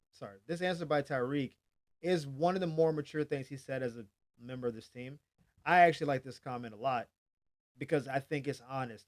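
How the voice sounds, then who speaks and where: A man hosting a daily sports news channel, chatting casually and animatedly, acting out quotes with hype shouts. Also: on the high side.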